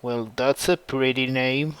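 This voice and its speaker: A man's voice: mid-range voice, fairly even intonation, unhurried, fairly bright tone, clear, resonant tone, pitched below the performer's own voice, lightly acted, poor audio. A man reading the part of a heartbroken young male soldier in a fan story. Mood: subdued.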